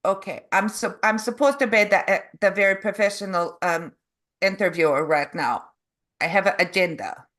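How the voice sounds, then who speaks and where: A woman interviewing a guest, speaking haltingly as she searches for her words. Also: mid-range voice, fairly bright tone. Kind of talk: casual interview.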